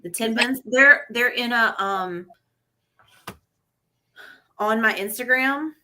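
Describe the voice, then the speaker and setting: Bright-voiced woman chatting easily. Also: fairly high pitch, slow. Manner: easygoing, agreeable, laughs along. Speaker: guest on a live stream. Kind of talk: casual chat.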